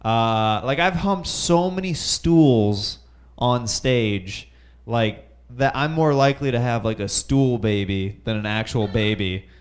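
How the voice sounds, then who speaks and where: Young guy doing open mic standup, slow and nervous, lots of likes and ums. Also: mid-range voice. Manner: rambling, nervous, many fillers and laughs at own jokes. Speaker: stand-up comic. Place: comedy club stage.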